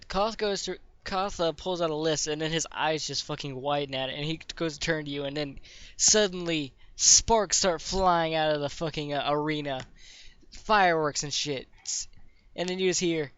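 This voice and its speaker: A man's voice: on the high side, normal speed, fairly bright tone, clear, resonant tone, no room sound. A man narrating a tabletop game as game master, rambling and swearing with lots of fillers. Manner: rambling, profane, many fillers. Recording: dull dry lo-fi recording.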